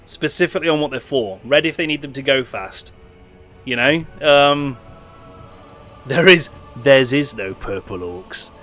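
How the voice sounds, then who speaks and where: A man's voice: medium pitch, a little slow, soft background music. Man reading game text. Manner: relaxed, rambling, full of fillers. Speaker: host.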